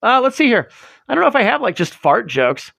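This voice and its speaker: Man, livestream host, goofy rambling, self-mocking, lively swinging pitch, dry close sound, strained voice. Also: fairly quick, vocal fry, dry recording. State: voice getting strained. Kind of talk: casual livestream chat.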